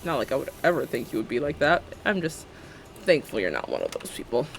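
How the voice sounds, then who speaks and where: A woman's voice: extremely low pitch, wildly swooping pitch, fairly quick, vocal fry, faint music behind. A young woman live-streaming a building game, chatting casually and sarcastically and laughing often.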